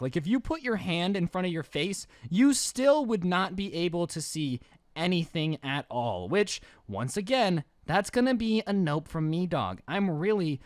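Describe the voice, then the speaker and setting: A man's voice: high voice, dry recording, studio quality. A man telling a scary story in a casual storytime style, joking and slangy. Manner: animated, joking, slangy asides. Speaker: storytime youtuber.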